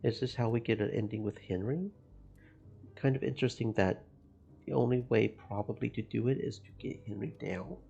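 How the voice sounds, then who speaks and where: A man streaming a game, reading its narration and chatting about it in an even, gravelly voice. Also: fairly low pitch, moderate pace. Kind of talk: narrating a visual novel with commentary. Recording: muffled lo-fi stream audio.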